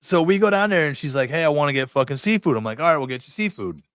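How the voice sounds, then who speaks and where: A man's voice: on the high side, animated, fast talker, a bit bright, clean tone, no room sound, clean studio sound. A middle-aged man from New England hosting a podcast, telling rambling, profane anecdotes and acting out the dialogue. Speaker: podcast host. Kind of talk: casual storytelling chat.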